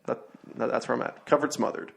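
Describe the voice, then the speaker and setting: A young man hosting a laid-back podcast chat. His voice has a gravelly, fry-edged texture, and he rambles through anecdotes with frequent fillers and restarts. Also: medium pitch, steady tone, fast. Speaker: podcast host. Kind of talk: casual chat.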